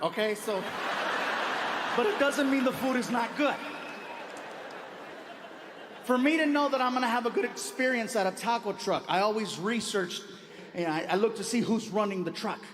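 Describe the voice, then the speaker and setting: A man doing stand-up comedy, telling stories in an animated way and laughing often. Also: high-pitched, background noise. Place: comedy stage before a live audience.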